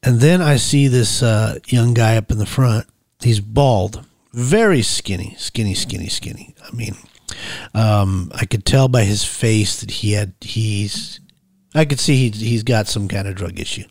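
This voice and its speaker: A man's voice: lowish voice, unhurried, darkish tone, no echo, studio quality. A man, a podcast guest, telling his own story casually and acting out the dialogue as he goes.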